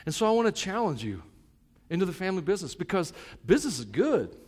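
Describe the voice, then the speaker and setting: A middle-aged male pastor preaching a sermon, moving between soft, reflective asides and loud, fervent stretches. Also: high-pitched, sing-song, quick pace, husky, in a large hall.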